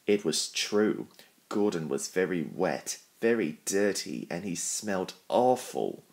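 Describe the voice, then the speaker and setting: Deep, slow male storyteller. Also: sing-song, creaky, darkish tone. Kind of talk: storybook narration.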